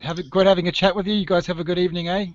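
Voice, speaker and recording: A man's voice: sits high, fairly even intonation, racing, a little hiss or hum. A man from New Zealand in a casual video chat, speaking thoughtfully and hesitantly with many fillers. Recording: dull lo-fi video-call audio.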